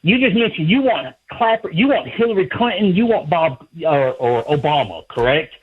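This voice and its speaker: A man's voice: a little high, big pitch swings, normal speed, breathy edge. A man with a Southern US accent calling in to a radio show, folksy and a little hesitant as he works through his question. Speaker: caller. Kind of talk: phone-in call. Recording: tinny phone line.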